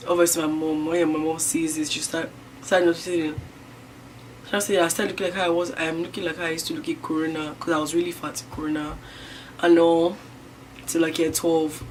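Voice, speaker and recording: A young woman from Niger telling a personal story to camera in a rambling way, full of fillers. She swings from loud bursts to hushed near-whispers. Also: deep voice, a little hiss or hum. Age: young adult. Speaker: vlogger.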